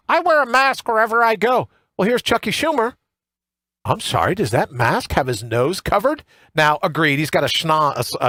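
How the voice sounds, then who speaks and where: A man's voice: on the high side, a bit bright, dry recording, studio quality. A man hosting a talk show, delivering a sarcastic, ranting opinion monologue with mocking asides. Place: home studio.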